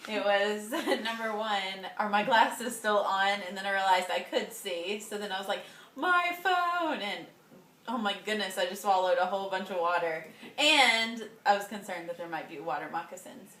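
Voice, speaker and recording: A woman telling a story casually, animated and laughing often, with loud exclamations. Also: mid-range voice, normal speed. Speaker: interviewee. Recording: echoey room, from a distance.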